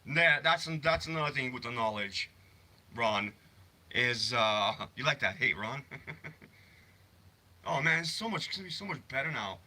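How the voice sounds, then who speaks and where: A man's voice: mid-range voice, lively intonation, normal speed, pauses often, bright, forceful tone. A man hosting a casual livestream from his phone, rambling, swearing freely, and answering chat messages. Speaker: livestream host.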